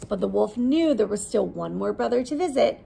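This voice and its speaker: A woman reading a picture book aloud to preschoolers as their teacher, gently asking questions and encouraging the children. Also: medium pitch, expressive, brisk, gravelly, breathy edge, poor audio. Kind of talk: storytime read-aloud.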